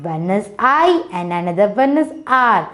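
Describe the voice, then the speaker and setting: A young woman with an Indian English accent teaching phonics to children, slowly repeating letter sounds and praising them. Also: mid-range voice, big pitch swings, a bit bright. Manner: slow, coaxing, repeats sounds.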